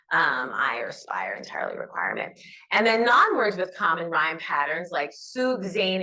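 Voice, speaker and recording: A woman's voice: medium pitch, sharp tone, low-quality recording. A middle-aged woman, an educator, giving a conference talk and modeling classroom reading cues in a raised, teacherly voice. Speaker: educator presenting at a summit.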